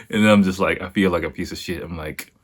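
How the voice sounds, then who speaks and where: A young man hosting a podcast, telling a story casually, laughing often and acting out quotes. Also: low voice. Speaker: podcast host.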